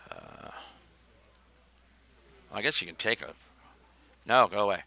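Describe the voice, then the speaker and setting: A man streaming, telling a story in a rambling, halting way with lots of swearing while he plays a game. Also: fairly low pitch, expressive, creaky, narrow, tinny audio. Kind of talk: casual storytelling while gaming.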